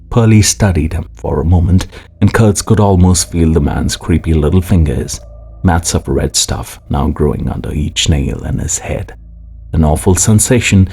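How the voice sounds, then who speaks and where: Deep slow-reading male narrator. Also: gravelly, darkish tone. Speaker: audiobook narrator. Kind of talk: audiobook narration. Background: faint music.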